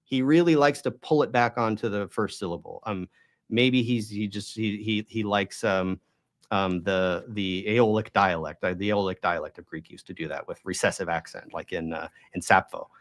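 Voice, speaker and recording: A man's voice: on the low side, moderate pace. Emphatic, argumentative man explaining. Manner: emphatic and argumentative, checking in with "right?". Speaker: host of a Bible study channel. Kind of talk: explanatory monologue on Greek pronunciation.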